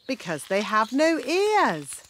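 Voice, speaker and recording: A bossy fairy nanny. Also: female voice, a little high, wildly swooping pitch, slow pace, slight background noise, full character voice. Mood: instructive. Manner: bossy, lecturing, rudely frank. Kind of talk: cartoon voice acting.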